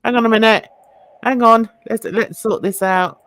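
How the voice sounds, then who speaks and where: A woman's voice: a little high, fairly even intonation, normal speed. An older woman hosting a live react stream in a casual, giggly, chatty way. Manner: chatty, giggly, fumbling with playback.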